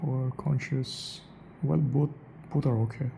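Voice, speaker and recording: Guy with a really gravelly voice rambling to himself, lots of noise behind. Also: mid-range voice, fairly even intonation, a little slow, warm tone. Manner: self-questioning, wandering, corrects his own words. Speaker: vlogger. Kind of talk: rambling solo monologue.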